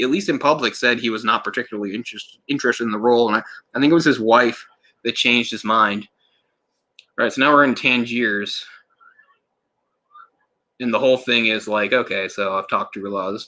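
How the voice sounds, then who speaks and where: A man's voice: mid-range voice, pushed and bright. A man giving a casual, rambling live commentary on a film, often restarting his sentences and sometimes swearing. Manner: rambling, self-correcting, laughs and swears in passing.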